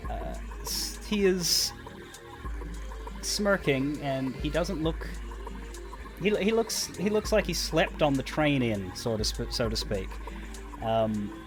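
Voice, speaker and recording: A man's voice: fairly high pitch, expressive, slow pace, music in the background. Rambling man game master. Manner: rambling, many restarts and fillers. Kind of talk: narrating a tabletop game.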